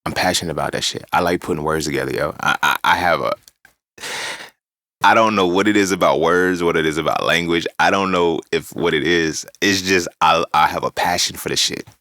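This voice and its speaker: A man hosting a casual monologue, animated and profane as he tells his own story. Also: low voice, fairly quick, dry recording, clean studio sound. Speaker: podcast host.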